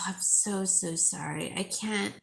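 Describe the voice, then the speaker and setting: A woman live-streaming to her viewers, crying and talking haltingly with a sore throat, often repeating herself. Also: medium pitch, gravelly, fairly bright tone. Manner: tearful, halting, repeats words.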